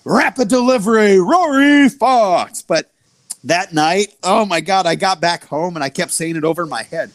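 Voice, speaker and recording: High-voiced man telling stories. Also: moderate pace, no room sound. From US Midwest. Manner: animated, full of fillers, acts out others' voices. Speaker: wrestler guest. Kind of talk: storytelling interview.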